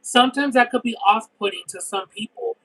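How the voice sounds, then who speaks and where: A man's voice: very high voice, fairly quick, poor audio. A man hosting a casual livestream who tells stories expressively and at length, piling on details. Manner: expressive, detailed rambling storyteller. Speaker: livestream host eating and reading chat. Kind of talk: casual chat and storytelling.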